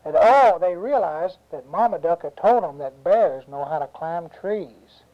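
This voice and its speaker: An adult telling a children's story aloud, animated, with sound effects and questions to the listening kids. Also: mid-range voice, a little slow. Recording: dull lo-fi home recording.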